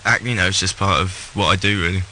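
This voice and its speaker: A man's voice: low voice, fairly even intonation, quick pace, sharp tone, a little hiss or hum, rough recording. A man from Britain with a British accent, chatting easily as a guest actor on a radio show. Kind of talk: casual chat.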